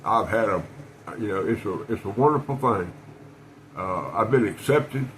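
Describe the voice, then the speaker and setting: A man's voice: lowish voice, expressive, moderate pace, a little hiss or hum, rough recording. A man talking casually to camera about his knife collection, rambling and folksy, with frequent restarts. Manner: folksy, rambling storyteller with many restarts and fillers.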